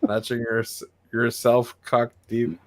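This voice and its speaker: A man's voice: mid-range voice, level tone, slow, no echo. A man playing a party card game with friends, reading his cards in a playful way. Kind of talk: casual chat while playing.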